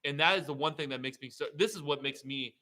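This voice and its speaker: Speaking as a guest in a political interview, this male state representative is heated and emphatic, building up to indignation. His fairly high voice sounds pushed and bright, he talks fast, and the recording is rough.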